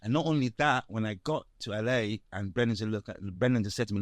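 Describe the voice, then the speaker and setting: A man, an actor from Nigeria, talking in a relaxed interview and telling animated anecdotes full of fillers and restarts. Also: fairly low pitch, quick pace, hardly any pauses, no room sound. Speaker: actor, guest. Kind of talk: casual interview chat.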